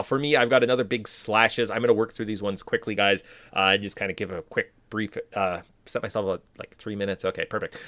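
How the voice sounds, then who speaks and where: Male podcast co-host, low dry voice, rambling enthusiastic chat with fillers. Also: fairly bright tone, dry recording.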